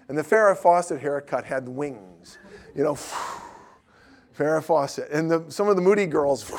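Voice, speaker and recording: Man, high voice, animated teaching talk, frequent laughter. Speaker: evangelism trainer.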